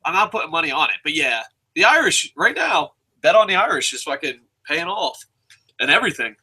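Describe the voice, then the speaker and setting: A man's voice: a little high, very animated, a little fast, bright, forceful tone, slightly rough. A middle-aged man co-hosting a casual chat, ranting profanely and mocking people as he talks. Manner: profane, rants with mocking voices. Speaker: podcast co-host.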